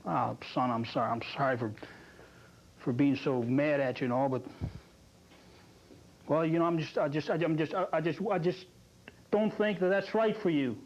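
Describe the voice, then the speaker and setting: A man's voice: fairly high pitch, moderate pace, long pauses, close to an everyday voice. A man playing an angry stammering father. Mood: apologetic. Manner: hollering, stammering, coughing. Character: angry scolding father confronting his son. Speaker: public access TV actor. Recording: lo-fi archival public access TV tape.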